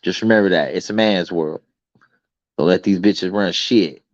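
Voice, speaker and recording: A man's voice: low voice, moderate pace, no room sound, muffled recording. A man hosting a late-night livestream chat, blunt and profane, acting out both sides of his arguments. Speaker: livestream host.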